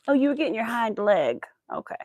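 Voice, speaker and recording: A woman's voice: a little high, sing-song, brisk, a little mellow, no echo, dull audio. A woman crochet vlogger chatting casually to her viewers and her dog, cooing baby talk at the pet.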